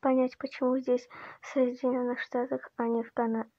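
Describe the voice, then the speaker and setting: A man voicing a calm young Russian woman in a soft, high falsetto for a fan cartoon. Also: quick pace, no echo, lo-fi sound.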